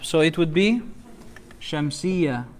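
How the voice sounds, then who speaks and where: A man's voice: a little high, lively intonation, slow, a little mellow. A man teaching a tajweed class as imam, quizzing students letter by letter and reciting each example word.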